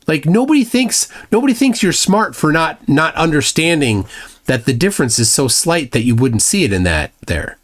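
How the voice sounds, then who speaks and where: A man's voice: fairly high pitch, sing-song, normal speed. A man hosting a live stream, reading viewer comments in casual chat and adding mocking, lecturing asides. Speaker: livestream host.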